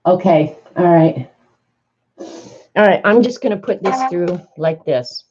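Chatty crafter lady getting flustered over her machine, mellow voice, kinda dull lo-fi sound. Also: on the low side, slow, a little hiss or hum. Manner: chatty, flustered, thinking aloud. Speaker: crafter demonstrating a die-cutting machine. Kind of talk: casual craft demonstration to viewers.

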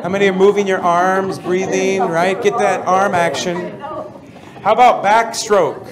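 A man leading a prayer seminar as pastor, energetic and constantly asking the audience questions, with an American accent. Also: sits high, measured pace, crowd noise. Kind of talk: interactive seminar teaching.

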